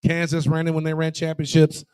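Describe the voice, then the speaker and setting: A former college player and guest broadcaster tells stories casually at a live bar show, performing the voices of the people in them. He speaks fairly quickly at a fairly high pitch with a clean tone, and the recording is dry.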